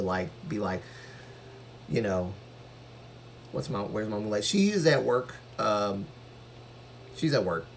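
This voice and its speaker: A man's voice: lowish voice, slight background noise. A man talking casually to viewers on his live stream, earnest and rambling, with a voice that carries when he gets passionate.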